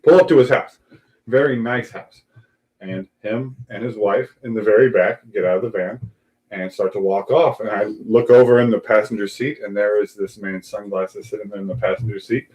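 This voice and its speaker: A man's voice: on the low side, normal speed, low-quality recording. A man hosting a casual live talk show, telling a long anecdote and acting out the voices of people in it. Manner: animated anecdote teller, acts out quoted voices. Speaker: podcast host. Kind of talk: casual chat, storytelling.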